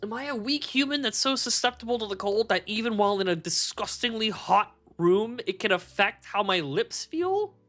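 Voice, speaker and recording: Male streamer, bright and lively, profane, rambling chat, faint music underneath. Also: high-pitched, moderate pace, few pauses. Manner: rambling, profane, laughs at his own jokes. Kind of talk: casual live-stream chat while shiny hunting. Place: warm home room.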